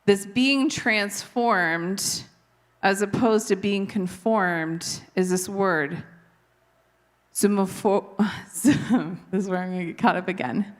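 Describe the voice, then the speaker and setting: A woman's voice: medium pitch, slow. A woman in her thirties from Canada, with a light Canadian accent, giving an earnest, conversational devotional Bible teaching. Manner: earnest, conversational, occasional laughs at herself.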